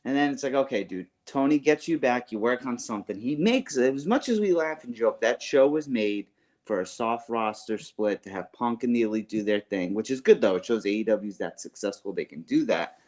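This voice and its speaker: A man's voice: medium pitch, fairly quick, darkish tone. A man co-hosting a wrestling podcast in casual chat, rambling with lots of "like" and slang such as "bro" and "yo". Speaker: podcast co-host.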